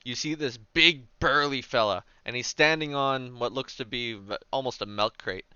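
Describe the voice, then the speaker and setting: A man's voice: mid-range voice, moderate pace, bright, forceful tone, lo-fi sound. A man narrating a tabletop game as game master, casual and full of fillers.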